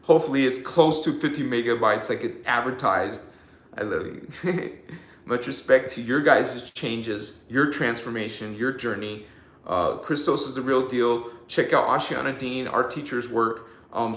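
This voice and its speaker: A man speaks slowly and unhurriedly at an even middle pitch, leading his listeners through repeated affirmations and chanted made-up syllables. His voice rings in an echoey room, as on a casual spiritual live stream from home. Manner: leads repeated call-and-response affirmations and chants in invented syllables.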